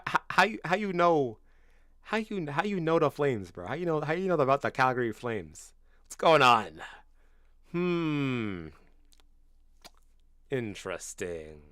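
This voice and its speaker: Speaking at medium pitch over studio-quality audio with no echo, a Canadian man in his twenties chats casually on his football livestream. He reacts to viewers bluntly and slangily, calls them all bro, and swears without holding back. Bursts of loud incredulity break through.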